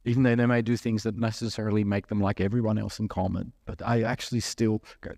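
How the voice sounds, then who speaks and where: A man's voice: mid-range voice, fairly even intonation, fast talker, few pauses, mellow, dry recording, studio quality. A man preaching a sermon in a conversational way, asking the listeners questions and acting out little asides. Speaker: pastor.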